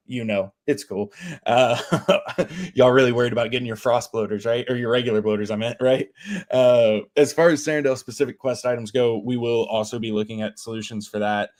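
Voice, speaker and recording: Man, middle pitch, casual friendly livestream co-host, easygoing talk. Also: darkish tone. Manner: casual and friendly, uses "y'all".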